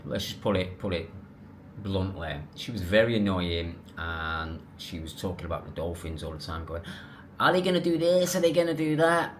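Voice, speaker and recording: A man tells a story to his camera, lively and rambling, doubling back on his words. His voice sits fairly low. A faint hum of background noise runs under the talk. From England. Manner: animated, rambling with restarts and self-corrections. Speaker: vlogger.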